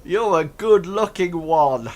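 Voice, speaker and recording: A man's voice: high voice, lively intonation, slow, voice pushed up. A man voicing a rowdy gang of crude, mocking ruffians in a tabletop game. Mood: jeering.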